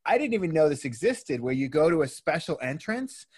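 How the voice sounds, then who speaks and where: A man's voice: fairly high pitch, very animated, brisk, slightly rough. A man telling enthusiastic, profane stories in casual chat.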